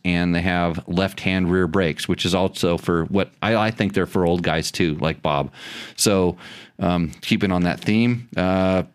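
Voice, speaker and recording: A man's voice: sits low, smooth. A middle-aged man hosting a casual podcast, joking and teasing, often restarting his sentences. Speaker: podcast host. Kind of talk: casual chat.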